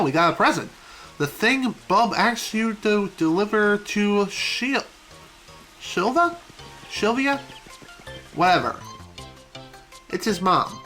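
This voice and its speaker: A woman's voice: mid-range voice, animated, slow, long pauses, pushed and bright, faint music behind. A woman giving casual, chatty commentary while playing a video game, opinionated and full of fillers. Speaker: let's play streamer.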